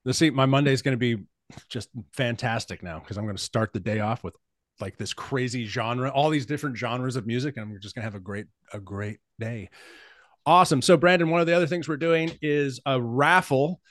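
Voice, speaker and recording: A man of forty chats casually as host, loose and rambling, quick to laugh. His voice sits at an ordinary pitch and sounds dry and close. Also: no room sound. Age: 40s. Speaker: podcast host. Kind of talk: casual chat.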